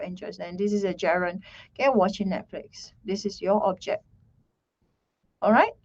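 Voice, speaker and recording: Slow-talking woman teaching grammar. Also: on the high side, a little mellow, lo-fi sound. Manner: slow, repetitive, checks in with "right?" and "okay". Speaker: English teacher. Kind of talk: online grammar lesson.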